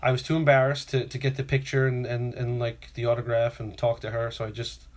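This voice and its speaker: A man's voice: medium pitch, completely flat delivery, fairly quick. New man, podcast co-host, rambling storyteller who acts out his quotes. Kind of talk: casual chat.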